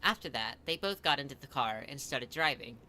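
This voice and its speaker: A man's voice: mid-range voice, animated, fairly quick, sharp tone, slight background noise. Man mock-dramatically reading a comic tale. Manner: mock-dramatic, wry asides. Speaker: storyteller. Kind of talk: comedic reading of a fan story.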